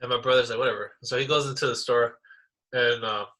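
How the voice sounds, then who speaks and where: A man co-hosting a podcast, telling stories in a casual, animated way, full of slang like bro and dude. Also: medium pitch, quick pace, a little hiss or hum. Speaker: podcast co-host. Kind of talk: casual chat.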